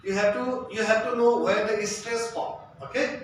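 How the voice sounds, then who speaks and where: High-voiced tutor in an echoey room. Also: male voice, fairly even intonation, normal speed, a little hiss or hum. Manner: repeats points and checks in with "okay?". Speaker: English test tutor. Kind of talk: spoken exam-prep lesson. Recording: echoey room, mic at a distance.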